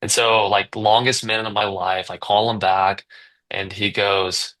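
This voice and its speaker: A man in his twenties talks in a lower register with a bright, forceful edge. He rambles through a story in a casual podcast chat and keeps circling back with fillers and restarts. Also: little pitch movement, moderate pace, rough recording. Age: 20s. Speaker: guest, business owner.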